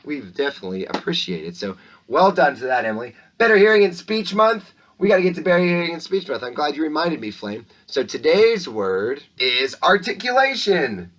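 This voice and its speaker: A man's voice: medium pitch, very animated, brisk, a bit bright, far from the mic. Enthusiastic man hosting school announcements. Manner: enthusiastic, exclamatory, addresses students and a mascot. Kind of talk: upbeat morning announcements for schoolchildren.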